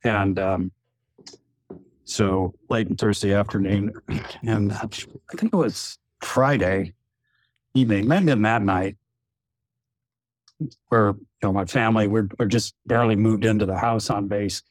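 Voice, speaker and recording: A man, a retired general, telling a long anecdote with frequent chuckles in a relaxed podcast chat. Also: on the low side, a little slow, long pauses, no echo. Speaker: retired general, former wing commander.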